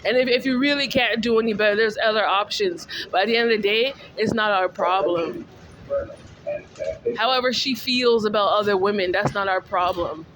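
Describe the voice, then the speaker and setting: A woman's voice: mid-range voice, moderate pace, a bit bright, slight background noise. A woman venting in a casual vlog monologue, ranting and repeating herself in exasperation. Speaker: vlogger.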